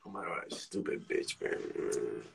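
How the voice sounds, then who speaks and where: A man with a husky, breathy voice hosts a livestream, throwing out loud, profane jokes at his friends. His talk is casual and fast-moving banter. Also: deep voice, sing-song. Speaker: streamer.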